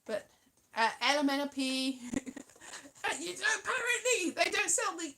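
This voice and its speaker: A British woman in her forties hosts a livestream, spinning rambling, chatty stories for her viewers. Her voice is very high-pitched and creaky, with big swings in pitch, delivered at a moderate pace over a noisy background.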